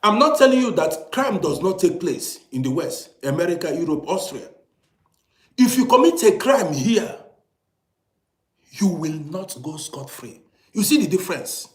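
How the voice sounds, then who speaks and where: In an echoey room indoors in Europe, a Nigerian-accented vlogger rants heatedly at his viewers, pelting them with repeated rhetorical questions. His high voice leaps around in pitch with a sing-song lilt, and his pace is a little slow.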